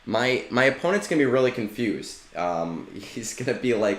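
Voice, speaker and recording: A man's voice: mid-range voice, animated, moderate pace, few pauses, reverberant. A man streaming a game and chatting casually with viewers, loose in manner and swearing freely. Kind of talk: casual live-stream chat.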